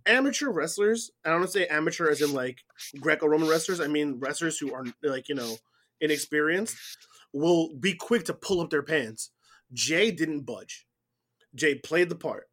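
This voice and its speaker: A man chatting casually on a wrestling podcast, retelling a match blow by blow in an animated way. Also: on the high side, moderate pace.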